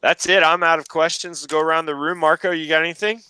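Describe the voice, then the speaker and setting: A man's voice: on the high side, level tone, fast, bright, forceful tone, clear, resonant tone, no room sound. A man hosting a casual interview, joking and teasing his guest. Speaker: interview host.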